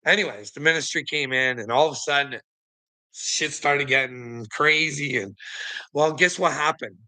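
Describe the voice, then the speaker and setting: A man with a rather high, very bright, sharp voice rants in casual talk. He swears constantly, laughs between lines and mocks the person he is talking to. His storytelling is loose and profane. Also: moderate pace, no echo, low-quality recording. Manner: profane, laughing often, mocking; addresses a viewer as "little me" and "buddy".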